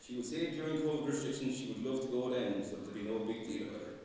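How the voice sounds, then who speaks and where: A man, reading a fond, gently humorous eulogy for his mother at a funeral Mass. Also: mid-range voice, quick pace. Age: 50s. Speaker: son giving a eulogy. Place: large church. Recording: echoey church, voice from far off.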